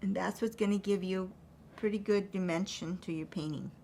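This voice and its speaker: A woman teaching an acrylic painting demonstration, thinking aloud as she paints in a relaxed way. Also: mid-range voice, moderate pace, vocal fry, a little hiss or hum.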